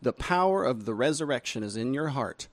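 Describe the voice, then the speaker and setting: Lively pastor chatting. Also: male voice, mid-range voice, no room sound. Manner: animated and playful, reads quotes slowly. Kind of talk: casual podcast chat.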